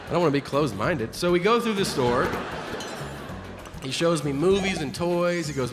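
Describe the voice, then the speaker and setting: A man's voice: on the high side, animated, normal speed, long reverb tail, over music. A man performing a stand-up comedy set, telling a story with profane, incredulous asides and acted-out quotes.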